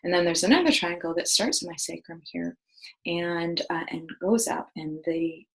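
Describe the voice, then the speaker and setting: A woman's voice: lowish voice, moderate pace, fairly bright tone, low-quality recording. A middle-aged woman hosting a wellness video, talking earnestly and with enthusiasm, with many fillers and restarts. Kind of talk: casual talk to camera.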